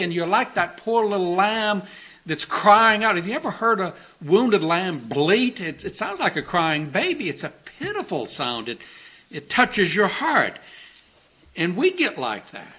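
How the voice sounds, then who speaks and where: A man preaching a gentle, earnest sermon, telling stories with soft dips and tender emphasis. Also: high-pitched, big pitch swings, measured pace. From Texas.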